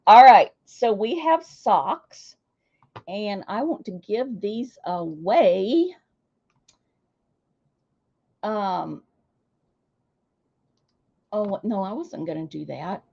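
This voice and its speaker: A woman's voice: mid-range voice, sing-song, extremely slow, gravelly, pauses often, mellow, slightly rough, muffled recording. A woman hosting a casual livestream, chatting with viewers and calling out their names with a chatty, self-deprecating manner. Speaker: livestream host.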